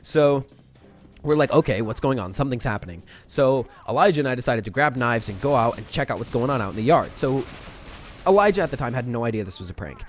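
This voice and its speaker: A young man in a storytime vlog, retelling a prank in a rambling, animated way with many restarts. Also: medium pitch, a little fast. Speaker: vlogger.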